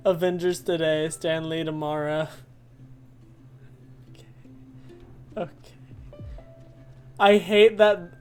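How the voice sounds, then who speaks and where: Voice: medium pitch, slow, pauses often, soft background music. A streamer chatting casually during a live game stream, telling stories with frequent laughter. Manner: giggly, animated storytelling.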